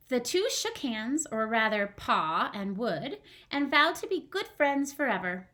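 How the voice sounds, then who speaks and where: A woman's voice: a little high, sing-song, unhurried, few pauses, sharp tone. A young woman, a first grade teacher at home, reading a storybook aloud and chatting with her class. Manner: chatty, asks the kids questions.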